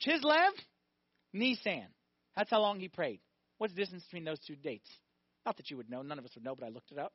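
A man preaching a lively sermon as a priest, often asking his listeners questions. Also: sits high, a little fast, no room sound. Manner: animated, asks the congregation questions. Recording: dull, dry recording.

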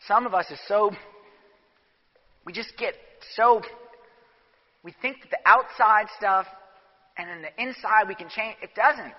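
A man, a priest, preaching a sermon in an animated, emphatic way with sudden bursts. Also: high voice, measured pace, pauses often. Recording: dull echoey church recording.

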